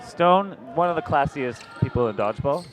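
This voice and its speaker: A man's voice: a little high, lively intonation, normal speed. A man giving live color commentary with dry, wry humor.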